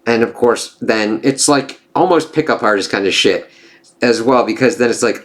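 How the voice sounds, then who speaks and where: A man's voice: medium pitch, a bit bright. A man casually reviewing a comic book, reading dialogue aloud and reacting with frequent swearing. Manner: profane, reads dialogue aloud with quick reactions.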